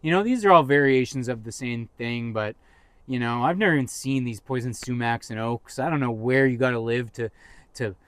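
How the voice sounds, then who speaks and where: A man's voice: medium pitch, brisk, fairly bright tone, clean tone, dry recording. A man co-hosting a podcast in casual chat, rambling and teasing his co-host with jokes.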